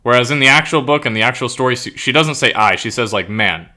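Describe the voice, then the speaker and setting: Bright-voiced young man chatting casually. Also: mid-range voice, lively intonation, fast talker. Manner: rambling, swears a lot, searches for words. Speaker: streamer and writer. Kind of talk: casual chat with stream chat before a reading.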